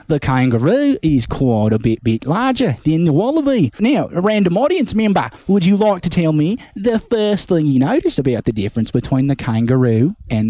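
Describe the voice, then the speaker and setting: A man's voice: sits high, mellow, no room sound, clean studio sound. A man doing a cheery Aussie wildlife presenter. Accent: Australian. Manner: chipper, presenting to an audience. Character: cheery young Australian male wildlife presenter.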